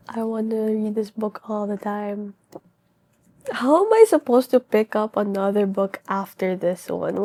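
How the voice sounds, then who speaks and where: A woman's voice: medium pitch, measured pace, warm tone, no echo. A young woman vlogging about books, emotional and gushing, her voice catching as she reacts. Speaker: book vlogger. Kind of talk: casual reading vlog talk.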